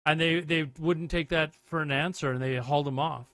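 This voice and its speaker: A man's voice: fairly high pitch, steady tone, brisk, fairly bright tone, no echo. A man hosting a livestream, rambling casually and reading chat messages aloud and answering them. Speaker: livestream host. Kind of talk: casual live commentary.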